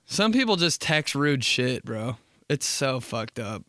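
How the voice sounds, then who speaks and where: A man's voice: medium pitch, big pitch swings, measured pace, fairly bright tone, no echo, studio quality. A young man hosting a podcast, ranting comically in a profane, exasperated way. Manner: profane, exasperated, jumps into acted voices. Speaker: podcast host. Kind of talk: comedic rant.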